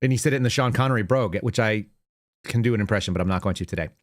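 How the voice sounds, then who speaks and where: A man's voice: on the low side, very fast. A man hosting a podcast, giving casual political commentary in a conversational way, with fillers and self-corrections. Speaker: podcast host.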